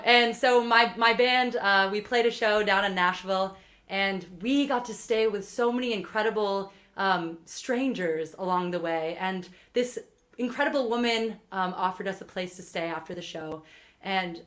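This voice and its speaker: A woman's voice: medium pitch, fairly bright tone. A young woman, a singer-songwriter, chatting between songs in a livestreamed set, rambling with lots of ums and uhs. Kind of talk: between-song stage banter on a livestream. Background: guitar music.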